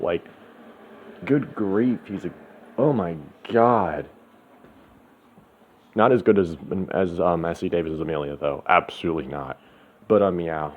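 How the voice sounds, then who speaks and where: A man's voice: low-pitched, a little mellow. A man talking in a rambling, profane, ranting monologue as host of his own channel. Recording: slightly dull lo-fi, faint background noise.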